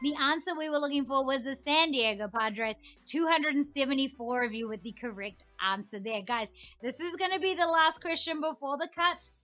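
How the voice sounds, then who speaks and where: A young woman hosts a live trivia stream in an upbeat, chatty way, her voice sitting fairly high. She reads each question and the viewers' comments aloud. Faint music plays softly behind her. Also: moderate pace, few pauses. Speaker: trivia game host. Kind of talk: live-streamed quiz hosting.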